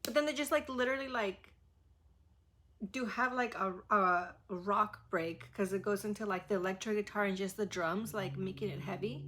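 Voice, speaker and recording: A woman's voice: mid-range voice, normal speed, a bit bright. Gushing woman reacting to a song. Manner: gushing, rambling, heavy use of "like". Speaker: music reaction creator. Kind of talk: casual music reaction commentary. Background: faint song playing.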